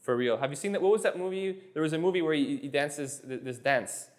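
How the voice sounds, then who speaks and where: Playful, high-voiced man teaching a class. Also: fast talker. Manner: playful, jokey, repeats words for drill. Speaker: Spanish teacher. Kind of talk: live classroom lesson.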